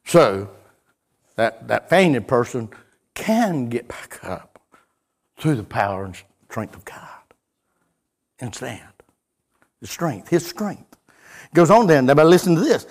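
A middle-aged preacher with a fairly high voice for a man. He preaches in a folksy, storytelling way, sinking to near whispers and then climbing high and loud. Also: sing-song, unhurried, pauses often. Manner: folksy, storytelling, wide swings from hushed to loud. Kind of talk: sermon.

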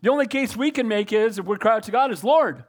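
A middle-aged male pastor preaching a sermon, calling for amens and moving between loud exhortation and quiet reflection. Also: high voice, quick pace. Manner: preachy, calls for amens, shifts from loud to soft.

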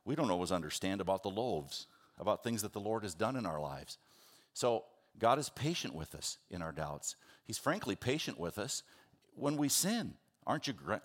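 A man preaching a sermon, earnest and animated, acting out the people in his stories. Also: fairly low pitch. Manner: earnest, animated, acts out the disciples in quotes. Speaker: pastor.

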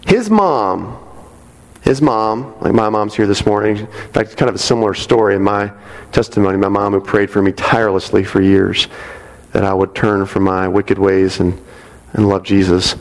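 A man's voice: on the low side, moderate pace. A man preaching a sermon to a congregation in a conversational way, often checking in with "right?". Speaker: pastor. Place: church sanctuary. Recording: long reverb of a large hall.

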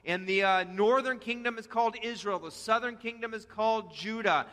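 Man preaching, high bright voice, long church reverb, conversational sermon. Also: moderate pace. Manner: conversational preaching with fillers, leads congregation in repeating. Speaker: senior pastor. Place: church sanctuary.

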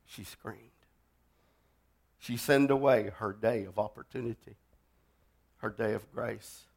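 A man preaching a sermon, telling stories dramatically and swinging from loud to hushed. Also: on the low side, slow, creaky. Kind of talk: sermon storytelling.

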